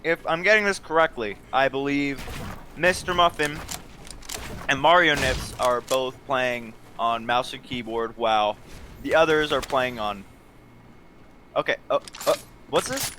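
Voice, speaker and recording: A man's voice: mid-range voice, measured pace, bright, forceful tone, a little hiss or hum. A young man co-commentating a game tournament, hesitant, with lots of fillers. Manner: hesitant, filler-heavy analysis. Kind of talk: casual esports co-commentary. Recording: game music under the voice.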